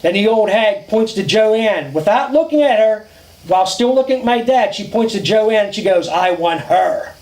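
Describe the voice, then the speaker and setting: A man casually telling a ghost story outdoors at a campfire, dramatic and drawn-out, with swearing. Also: high voice, expressive, a little mellow, roomy sound, rough recording.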